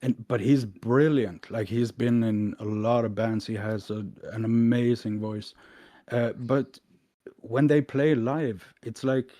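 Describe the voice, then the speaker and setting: Mellow man, hesitant podcast chat. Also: mid-range voice, fairly even intonation, no echo. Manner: measured, hesitant, many fillers. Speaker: podcast co-host. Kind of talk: casual chat.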